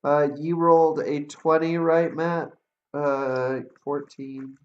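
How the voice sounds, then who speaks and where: A man acting as dungeon master for a tabletop game, laying out scenes and calling for rolls at an unhurried pace. His delivery is halting and full of small fillers. The audio is dull and lo-fi. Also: fairly high pitch, little pitch movement. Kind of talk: running a tabletop game over a call.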